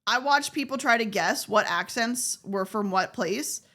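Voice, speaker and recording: A woman's voice: a little high, animated, measured pace, pushed and bright. A woman from the Southern United States, speaking with a general American accent, chats casually and profanely with her viewers on a live stream, laughing often. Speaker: VTuber streamer.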